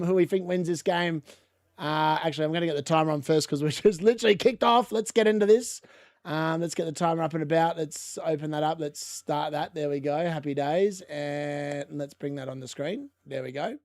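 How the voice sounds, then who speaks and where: A man's voice: on the high side, fairly quick, darkish tone, no echo, clean studio sound. A man with an Australian accent hosting a casual football watchalong stream, chatty, rambling and self-mocking. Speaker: livestream host. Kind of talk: casual match watchalong chat.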